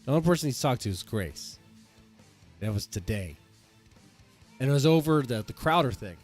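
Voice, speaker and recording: A man with an average-pitched voice chatting casually on a livestream, mostly laughing along and chiming in to agree. Faint music plays in the background. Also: expressive, moderate pace, a little mellow.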